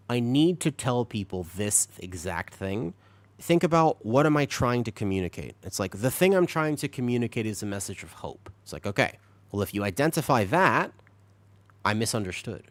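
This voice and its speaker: A man's voice: medium pitch, dry recording. A man streaming a game, chatting with his viewers and explaining things patiently while a little sick. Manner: explains patiently, lively and talkative, laughs often. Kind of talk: casual chat with stream chat while gaming.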